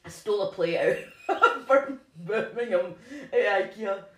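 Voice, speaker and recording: A woman's voice: medium pitch, lively intonation, a little slow. Giggly rambling woman, echoey room. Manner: giggly, rambling, self-mocking. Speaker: podcast co-host. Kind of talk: casual chat.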